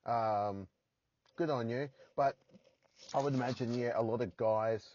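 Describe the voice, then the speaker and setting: A man's voice: mid-range voice, a little slow, darkish tone, lo-fi sound. An Australian man hosting a solo podcast from his parked car, rambling and poking fun at himself with crude jokes. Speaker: podcast host.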